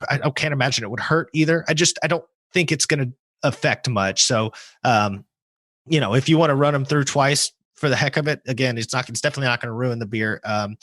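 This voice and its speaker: A man co-hosting a podcast, explaining brewing in a relaxed, hedging way. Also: mid-range voice, no echo. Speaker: podcast co-host. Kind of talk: casual podcast chat.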